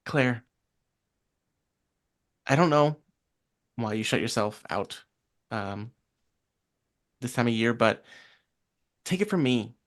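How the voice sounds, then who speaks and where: A player playing an earnest small-town organizer who pleads softly and haltingly in a tabletop role-play. The voice sits in a middle pitch. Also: animated. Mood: pleading. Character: hard-working small-town organizer woman Vicky.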